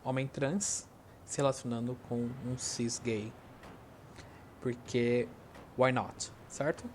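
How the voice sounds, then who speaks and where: A man's voice: medium pitch, flat delivery, takes it slowly, darkish tone, a little hiss or hum. A man hosting a gaming channel, giving casual, upbeat let's-play commentary.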